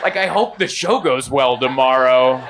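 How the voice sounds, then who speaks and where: A man's voice: medium pitch, background noise. Man doing a laid-back stand-up set. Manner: conversational storytelling, acts out others in quick voices. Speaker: stand-up comedian. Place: comedy club stage before a laughing audience.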